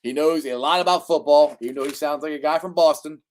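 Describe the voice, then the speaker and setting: A man from Cincinnati hosting a casual sports podcast with a somewhat high voice. He talks with excited fan energy and often laughs at his own jokes, shouting out listeners and teams as he goes. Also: quick pace, a little hiss or hum. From Cincinnati, USA. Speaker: podcast host. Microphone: live-stream microphone.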